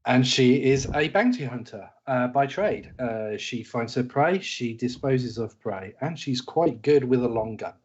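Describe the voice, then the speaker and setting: Give me a man hamming it up in a fake British accent, chatting as a player in a tabletop game. His voice has a husky edge. The audio is muffled and lo-fi. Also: mid-range voice, lively intonation, measured pace, hardly any pauses. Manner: hammy put-on British accent. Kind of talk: casual chat.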